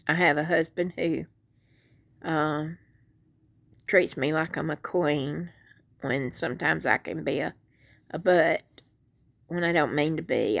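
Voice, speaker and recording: A woman's voice: on the low side, lively intonation, slow, fairly bright tone. A woman chatting to viewers about crochet from her bed at home, talking into a handheld phone in a folksy, rambling, self-deprecating way. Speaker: crochet vlogger. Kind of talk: casual chat to viewers.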